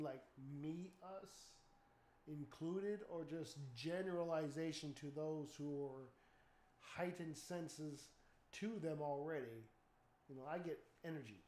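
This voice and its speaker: A man streams from home, chatting casually in a voice a touch higher than most. He tells his stories with animated energy, breaking into loud, startled exclamations and swearing. The room around him is noticeably echoey. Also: a little slow. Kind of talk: casual chat.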